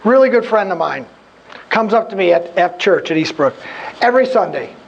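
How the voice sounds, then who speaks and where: A man's voice: sits high, normal speed, gravelly, breathy edge, muffled recording. A man in his fifties giving a humorous workshop talk to a career group, telling stories and acting out his own past conversations. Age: 50s. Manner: animated storyteller who acts out his own past dialogue. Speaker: guest speaker at a career group.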